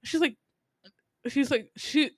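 A young adult podcast co-host recapping a drama in casual chat, animated and incredulous, swearing freely with quick asides. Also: high-pitched, dry recording, clean studio sound.

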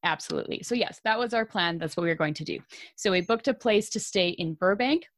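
A young Canadian woman co-hosting a podcast, telling a story in a casual, animated way and laughing often. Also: mid-range voice, brisk, no echo, clean studio sound. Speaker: podcast co-host.

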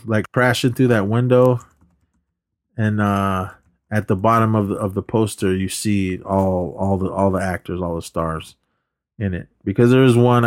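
A man with a fairly low voice chats casually on a podcast, retelling a movie plot with plenty of ums and uhs and restarted sentences. His voice is close and dry, with no room sound around it. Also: dry recording. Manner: rambling, lots of fillers and restarts. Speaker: podcast co-host. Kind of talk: casual movie recap chat.

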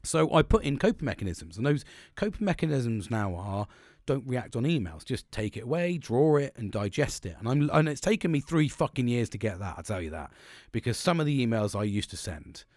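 A man's voice: medium pitch, darkish tone, no echo, studio quality. A middle-aged man hosting a podcast, talking bluntly and casually, swearing often and rambling with restarts. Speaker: podcast host.

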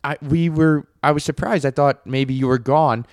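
Dude rambling thru a bar story on a podcast, dry mic, lots of restarts. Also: male voice, on the high side, steady tone, normal speed, dry recording. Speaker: podcast co-host. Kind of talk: casual chat.

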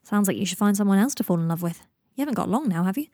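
A woman's voice: mid-range voice, lively intonation, racing, dark tone, dry recording, studio quality, natural voice. A woman doing a blunt kindly street guy. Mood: plain. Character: blunt, kindly homeless young man.

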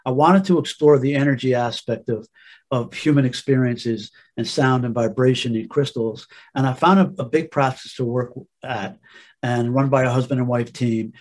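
Male guest voice; earnest, meandering personal storyteller, middle pitch. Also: normal speed. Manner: earnest, rambling with restarts. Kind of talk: storytelling in a podcast interview.

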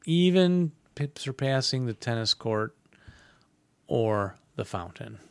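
A man's voice: medium pitch, lively intonation, takes it slowly, darkish tone, clear, resonant tone, dry recording. A man co-hosting a podcast, playfully quizzing his friend on board game rules in casual chat. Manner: playful, teasing quizmaster. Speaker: podcast co-host.

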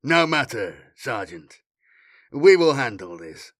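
A man voicing an arrogant warrior captain who speaks slowly and coolly, in an audiobook reading. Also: very animated, a bit bright, dry recording, clean studio sound. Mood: cold. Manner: slow, low, coolly dismissive. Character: menacing male warrior captain, cold and arrogant. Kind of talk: audiobook character voice.

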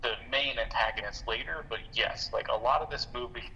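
Man, podcast co-host, hesitant, very bright tone, dull recording. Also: mid-range voice, a little fast, creaky. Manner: hesitant, many restarts, enthusiastic. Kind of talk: casual movie podcast chat. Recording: dull lo-fi sound, faint noise.

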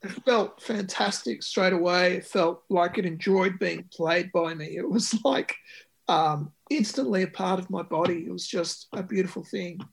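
A man's voice: sits high, moderate pace, vocal fry, breathy edge. A man, a musician talking about his record in an interview, with many ums and restarts. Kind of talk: conversational interview.

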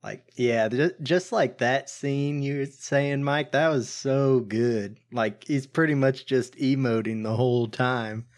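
A man's voice: medium pitch, slow, few pauses. A man co-hosting a podcast, chatting easily about a movie and laughing often. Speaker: podcast co-host. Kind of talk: casual movie review chat.

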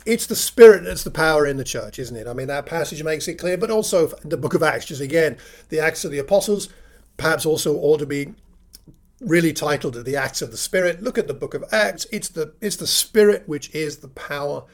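Man preaching, a bit high-pitched, measured, slows for emphasis, rhetorical questions. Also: expressive. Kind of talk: sermon teaching.

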